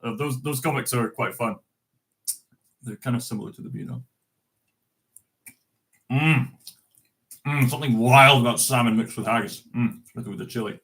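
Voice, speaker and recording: A man's voice: medium pitch, moderate pace, vocal fry, long pauses, fairly bright tone. A young man hosting a live stream, reading a Scots poem aloud with stumbles and laughs, then chatting casually with viewers. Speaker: host.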